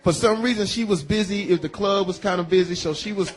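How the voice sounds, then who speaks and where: A man's voice: high-pitched, a little fast. A man hosting a radio show, telling a profane comic story and acting out the people in it. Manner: animated, profane, acts out the people in his story.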